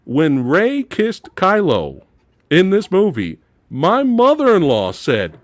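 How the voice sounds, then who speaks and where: A man co-hosting a casual movie review chat, ranting with animated delivery and mocking impressions. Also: high-pitched, takes it slowly, background noise. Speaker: podcast co-host.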